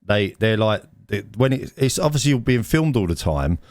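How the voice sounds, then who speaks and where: A man's voice: fairly low pitch, very animated, moderate pace, a little mellow, dry recording, studio quality. A man co-hosting a casual podcast, rambling and restarting his sentences as he tells stories. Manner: rambling, repeats words, laughs at own stories. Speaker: podcast co-host. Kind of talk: casual banter. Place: indoors, recorded live.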